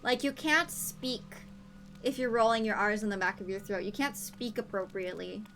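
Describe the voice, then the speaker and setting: A woman's voice: mid-range voice, normal speed, fairly bright tone, a little hiss or hum. A young woman streaming a game, chatting casually in a playful, giggly way. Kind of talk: casual gaming stream chat.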